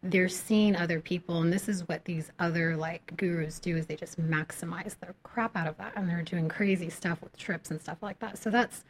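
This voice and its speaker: Casting note: a woman playing a relaxed interview guest, raspy and a bit low. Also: normal speed, few pauses, a little hiss or hum. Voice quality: slightly raspy. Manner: relaxed, explanatory, many fillers. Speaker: credit consultant guest. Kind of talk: casual interview chat.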